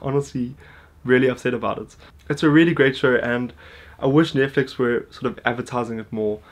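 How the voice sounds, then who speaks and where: A man talks casually to his viewers, upbeat and eager as he recommends a show. His voice sits in an ordinary middle range, and he stacks up repeated words for emphasis between frequent fillers. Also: medium pitch. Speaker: TV show reviewer. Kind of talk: casual YouTube review talk to camera.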